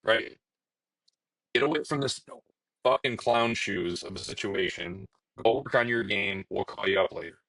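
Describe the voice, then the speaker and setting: A man's voice: on the low side, normal speed, fairly bright tone, no echo, rough recording. A young man co-hosting a casual hockey podcast, ranting in an exasperated, profane way about his team. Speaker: podcast co-host. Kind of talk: casual chat.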